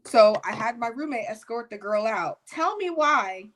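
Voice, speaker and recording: A young woman telling a personal testimony story in a casual, animated, expressive way. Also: fairly high pitch, moderate pace, slight background noise.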